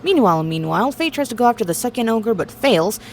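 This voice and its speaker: Fast wry woman narrator. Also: on the high side, lively intonation, a little hiss or hum. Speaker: recap narrator. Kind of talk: quick comic recap narration.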